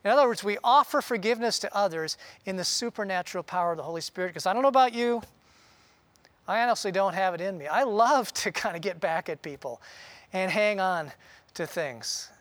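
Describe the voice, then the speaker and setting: A man preaching a sermon in an earnest, conversational way, often pausing with "uh". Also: sits high, lively intonation, fairly bright tone, no echo. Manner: earnest, conversational, with frequent "uh" pauses. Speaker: pastor.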